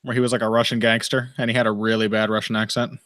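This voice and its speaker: A man's voice: on the low side, little pitch movement, fast talker, a bit bright, dry recording. A man hosting a casual live fight commentary stream, rambling and wry, swearing freely and laughing often. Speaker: podcast host. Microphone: headphones and desk mic.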